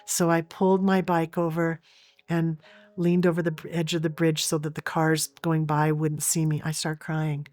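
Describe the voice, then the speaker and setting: A woman's voice: sits low, level tone, moderate pace, a little mellow, no room sound. A middle-aged woman from Oregon, an interview guest telling a personal story earnestly, with frequent restarts. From Oregon, USA.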